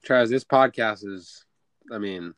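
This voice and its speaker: A man's voice: fairly low pitch, unhurried, fairly bright tone, dry recording. Teasing man hosting a podcast. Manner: teasing, joking banter. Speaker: podcast host. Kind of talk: casual chat.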